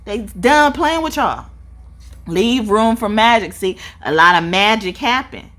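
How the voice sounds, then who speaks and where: Young woman reading tarot, swears a lot, laughs, super animated. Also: medium pitch, unhurried. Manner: animated, profane, laughs often. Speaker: tarot reader.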